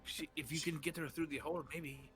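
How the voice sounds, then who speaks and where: A woman playing a tabletop game, giggly and quick with cheers and quips. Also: sits low, fairly even intonation, fairly bright tone, soft background music. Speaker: player. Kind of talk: casual tabletop play.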